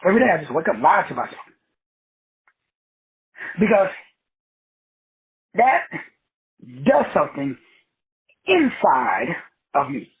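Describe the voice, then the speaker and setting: A man's voice: on the high side, sing-song, slow, long pauses, slightly rough. A man hosting a talk show, giving a preachy motivational monologue full of wordplay and repeated phrases. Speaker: podcast host. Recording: tinny phone-like line.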